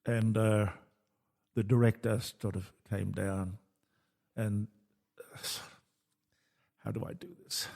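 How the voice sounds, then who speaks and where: A man's voice: fairly low pitch, flat delivery, takes it slowly, vocal fry, long pauses, mellow. A man hosting a radio talk show, telling stories in casual chat and quoting people animatedly.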